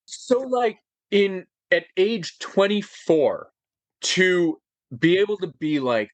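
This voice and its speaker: A man's voice: sits high, takes it slowly, no echo. Guy in his 40s getting emotional telling his story, like um like, dry room sound. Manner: animated, gets choked up, lots of fillers. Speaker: interview guest.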